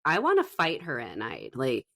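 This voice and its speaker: Middle-aged woman, low voice, casual podcast chat, blunt, swears, laughs a lot. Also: wildly swooping pitch, moderate pace, gravelly, a bit bright. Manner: laughs often, blunt and profane. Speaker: podcast co-host.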